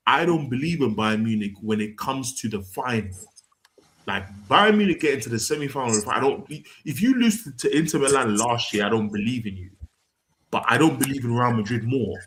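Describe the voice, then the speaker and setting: A man's voice: medium pitch, lively intonation, fairly quick, a bit bright. A man on a casual football podcast, giving blunt opinions and stammering as he starts them.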